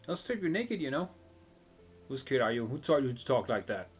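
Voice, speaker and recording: A man's voice: medium pitch, sing-song, normal speed, husky, soft background music. A man voicing a cheeky little street girl from a game, teasing and sassy.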